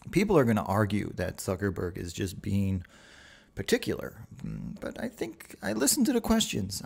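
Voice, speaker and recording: A man's voice: fairly low pitch, gravelly, darkish tone, breathy edge. A man hosting a solo podcast, talking casually and rambling with profane asides. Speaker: podcast host.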